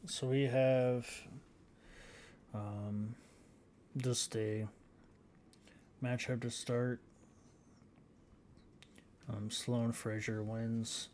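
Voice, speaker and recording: A man giving casual gameplay commentary as a channel host, reading out results haltingly with frequent fillers. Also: medium pitch, little pitch movement, darkish tone, a little hiss or hum. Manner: halting, reads out scores with many fillers.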